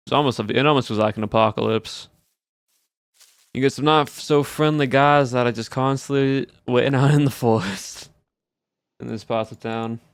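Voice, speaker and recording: A man's voice: mid-range voice, fairly even intonation, moderate pace, clean tone, dry recording. A game streamer chatting casually with viewers in a put-on Southern US drawl, easygoing as he plays. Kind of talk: casual live-stream chat while playing.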